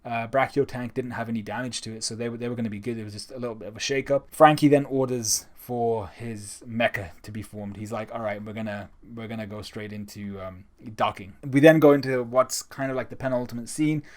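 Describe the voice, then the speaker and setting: A man's voice: medium pitch, fairly quick, few pauses. A man giving a casual, enthusiastic spoken review of a comic chapter, talking conversationally. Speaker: manga reviewer.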